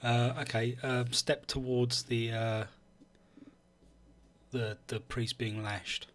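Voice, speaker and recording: A man's voice: medium pitch, level tone, slow, a bit bright. A man playing a tabletop game, talking hesitantly and stammering as he plays. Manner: hesitant, stammering, self-deprecating. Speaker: player.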